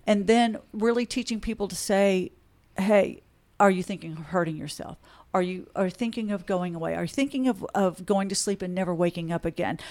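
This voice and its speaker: A woman's voice: mid-range voice, a little mellow. A woman attorney, a podcast guest, telling stories earnestly and acting out the conversations she retells. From Texas, USA. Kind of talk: podcast interview.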